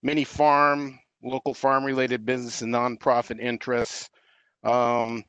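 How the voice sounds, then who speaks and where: Smooth-voiced man on a meeting call. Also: medium pitch, fairly bright tone, no room sound. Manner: measured, with frequent fillers and restarts. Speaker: staff member giving an update. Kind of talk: meeting report by audio call. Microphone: audio-only call, no camera.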